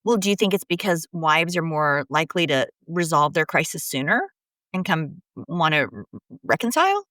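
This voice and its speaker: A woman's voice: low voice, big pitch swings, normal speed, sharp tone, no room sound, studio quality. A woman host interviewing a guest, chiming in briefly to steer the talk. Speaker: podcast host. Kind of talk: interview conversation.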